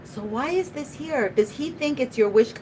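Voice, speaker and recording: A woman's voice: high voice, expressive, normal speed, darkish tone, a little hiss or hum, low-quality recording. A woman doing a live tarot reading, chatty and emotional, often laughing and speaking to spirit. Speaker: tarot reader.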